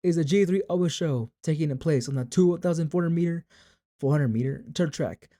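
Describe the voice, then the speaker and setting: A man voicing an excitable race announcer, calling the field in a loud broadcast style. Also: a little high, fairly quick, pitched above the performer's own voice, close to an everyday voice. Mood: hyped.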